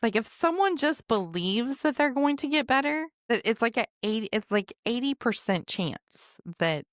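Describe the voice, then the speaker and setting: A woman's voice: fairly high pitch, expressive, moderate pace, dry recording, clean studio sound. A woman who works as a massage therapist, chatting casually as a podcast guest with loose, hesitant phrasing. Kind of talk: casual conversation.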